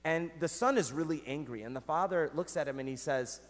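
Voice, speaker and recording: A male priest preaching a sermon, telling stories in an animated way with wide swings in loudness and pitch. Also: brisk. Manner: animated storytelling with big swings in pitch and volume. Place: church. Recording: echoey church hall.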